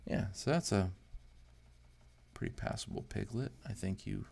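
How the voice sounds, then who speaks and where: A fairly low, darkish voice with vocal fry comes at a moderate pace from an amateur artist on his drawing channel. He chats loosely as he draws, thinking out loud, unsure of himself and poking fun at his attempts.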